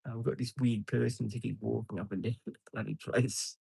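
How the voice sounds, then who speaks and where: A man's voice: mid-range voice, creaky, warm tone, breathy edge, no echo, rough recording. A man with an Australian accent chatting casually with viewers on a live stream, laughing often and calling everyone mate.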